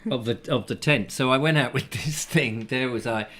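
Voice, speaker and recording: A man's voice: medium pitch, normal speed, fairly bright tone. A man hosting a comic live chat show from a room in a house, telling stories in a rambling, jokey way with many fillers. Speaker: show host.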